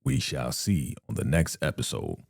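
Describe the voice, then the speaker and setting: A man's voice: rumbling low, sing-song, normal speed, creaky, darkish tone, breathy edge, no room sound, studio quality. A man doing a casual, slangy recap of a TV episode, retelling it with animation and briefly acting out the characters' lines. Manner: slangy and conversational.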